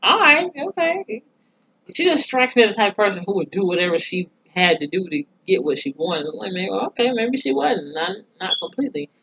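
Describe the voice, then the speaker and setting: Lower-voiced woman giving a profane TV recap. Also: lively intonation, fast, hardly any pauses, a bit bright, slightly rough. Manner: blunt, profane, laughs often. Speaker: TV show reviewer. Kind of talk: casual episode recap. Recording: dull lo-fi sound.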